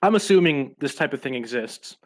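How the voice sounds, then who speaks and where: A man's voice: medium pitch, expressive, brisk. A man playing in a tabletop game, chatty and rambling as he asks questions. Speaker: player. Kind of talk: casual tabletop banter.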